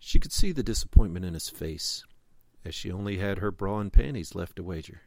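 A man's voice: sits low, animated, fairly quick, a little mellow, dry recording. A man reading his own short story aloud in an easygoing, friendly manner. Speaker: story contributor.

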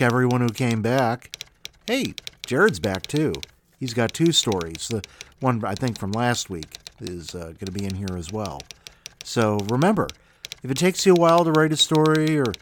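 A man's voice: medium pitch, a little hiss or hum. A man hosting a story podcast, introducing contributors in an upbeat, welcoming way. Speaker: podcast host. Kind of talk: casual show introduction.

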